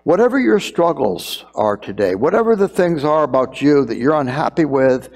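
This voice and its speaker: A man's voice: mid-range voice, darkish tone, long reverb tail. A middle-aged man preaching a sermon as pastor, earnest and building to emphatic repeated phrases. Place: church sanctuary.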